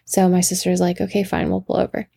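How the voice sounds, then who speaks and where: A woman's voice: fairly low pitch, monotone, fast talker, gravelly, dark tone, husky, no room sound. A woman in her thirties, a podcast host, telling a rambling casual story and interrupting herself with asides. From Washington state.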